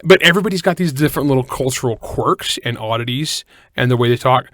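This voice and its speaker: A Californian man co-hosts a podcast, chatting casually and rambling with joking asides and frequent self-corrections. His mid-range voice is expressive, a bit bright and fast-paced, recorded clean in a studio with no echo.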